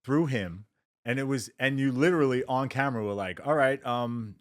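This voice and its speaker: A man's voice: medium pitch, normal speed, no echo, clean studio sound. A man hosting a podcast, chatting casually and chuckling often. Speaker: podcast host.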